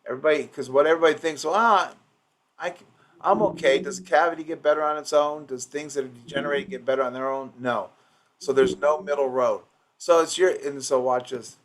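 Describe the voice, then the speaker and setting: A man running a loose training session for office staff over a recorded call. He talks in a rambling way, restarting sentences and slipping into quick impressions of patients. His voice sits at an ordinary middle pitch. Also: fairly even intonation. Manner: rambling, with many restarts and acted-out patient quotes.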